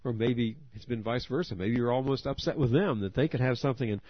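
A man's voice: medium pitch, fast, no room sound. A man preaching a sermon, earnest, asking his listeners direct questions. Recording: dry, dull lo-fi audio.

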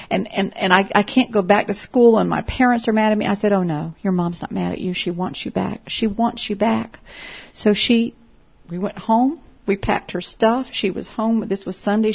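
A woman's voice: on the low side, dull audio. A woman evangelist telling stories of her encounters, acting out the dialogue as she goes. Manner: lively storyteller, acts out quoted dialogue. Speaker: Christian evangelist speaking to a group. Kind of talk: storytelling testimony.

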